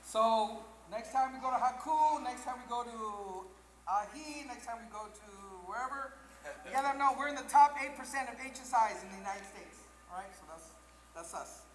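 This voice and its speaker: Speaking at normal speed in a fairly high voice, a female event presenter delivers a lively reception speech and jokes her way through technical glitches. The big hall sounds echoey, with faint noise in the background.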